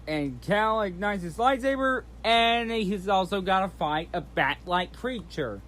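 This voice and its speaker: A man's voice: sits high, expressive, slow, few pauses, a bit bright. A man hosting his channel, recapping in a casual, rambling way, often restarting and repeating himself. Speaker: channel host recapping a trailer.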